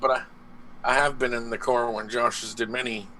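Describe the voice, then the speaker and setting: Laid-back, bright-voiced young man. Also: medium pitch, level tone, a little fast, rough recording. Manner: laid-back, crude banter. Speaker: co-host. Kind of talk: casual chat.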